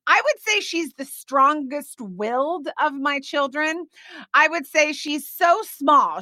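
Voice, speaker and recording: Bubbly woman in her 30s hosting a faith podcast, high bright voice, dry close mic. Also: dry recording. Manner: bubbly, animated, quick asides. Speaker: podcast host. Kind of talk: chatty faith podcast storytelling.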